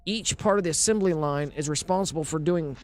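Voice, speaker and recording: A man's voice: fairly high pitch, a little fast. A man streaming live, rambling and thinking aloud in casual talk, often repeating himself and asking if you know what he means.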